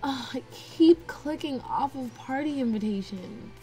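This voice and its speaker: A young woman talks slowly through her gameplay, bossing her characters around in a relaxed, mellow voice. Faint game music plays under her casual commentary. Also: high voice. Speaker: gameplay narrator. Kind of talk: casual let's-play commentary.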